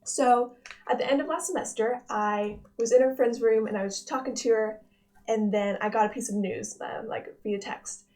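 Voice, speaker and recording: A young woman hosting a personal devotional vlog, speaking in an earnest, gentle, reflective way with frequent restarts. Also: a little high, steady tone, moderate pace. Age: young adult. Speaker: devotional vlog host, nursing student.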